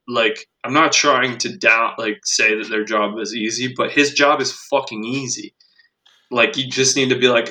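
A man's voice: mid-range voice, fairly even intonation, normal speed, pushed and bright, poor audio. A man hosting a podcast, telling an exasperated, profane story in casual chat. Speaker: podcast host.

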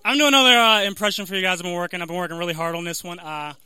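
High, bright-voiced young comic. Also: male voice, steady tone, clear, resonant tone, dry recording. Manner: halting, self-deprecating with many fillers. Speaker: stand-up comic. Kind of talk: stand-up comedy.

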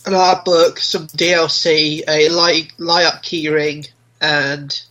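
A male podcast panelist with a raised, bright, tense voice. He gives short, hesitant replies in casual chat. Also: on the high side, level tone, slow, poor audio. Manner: brief, hesitant answers.

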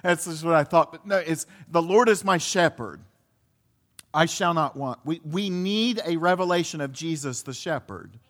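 A man with a fairly high voice delivers a sermon in an easy, conversational way. He circles back and repeats himself as he hunts for the words, and drops in a few small laughs. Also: moderate pace, a bit bright. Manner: conversational preaching with many restarts and laughs. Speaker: pastor.

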